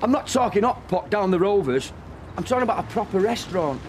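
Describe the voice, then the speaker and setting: A man's voice: high voice, very animated, fast talker, slight background noise. An actor playing a cocky man coaxing his wife to take him back.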